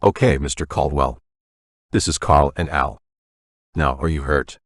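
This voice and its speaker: A man voicing a calm, patient father who tries to settle an argument. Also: rumbling low, a little slow, dry recording, studio quality. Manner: calm, placating.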